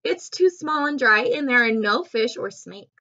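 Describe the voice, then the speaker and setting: A woman's voice: fairly high pitch, lively intonation, normal speed, bright, forceful tone, muffled recording, full character voice. A woman voicing a helpful young schoolboy in a storybook reading, explaining plainly. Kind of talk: storybook character voice.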